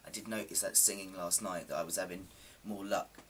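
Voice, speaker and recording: Guy vlogging, lowish voice a bit rough and sore, chatty and rambly, mic a bit far off with faint hiss. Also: fairly even intonation, fairly quick, fairly bright tone. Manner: chatty, rambling, self-deprecating, with frequent ums. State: slightly coarse, sore throat. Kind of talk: casual chat to camera.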